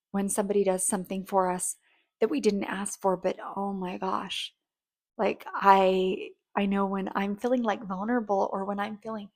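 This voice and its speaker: A chatty woman coach drifts from point to point, now and then acting out sweet thank-yous. Her mid-pitched voice carries a gravelly, creaky edge. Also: a little mellow. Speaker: relationship coach. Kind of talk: casual advice talk.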